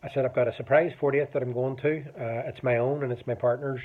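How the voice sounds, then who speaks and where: A man's voice: mid-range voice, steady tone, fast. A man in his forties with a Northern Irish accent, telling a personal story in a rambling, casual way and swearing freely. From Northern Ireland. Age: 40s. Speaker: vlogger. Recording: tinny phone-like audio.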